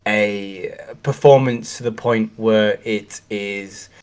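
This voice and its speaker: A man's voice: lowish voice, fairly even intonation, slow pace, a little mellow, clean tone. A middle-aged man co-hosting a casual chat, talking in rambling, reflective sentences full of restarts. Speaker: co-host.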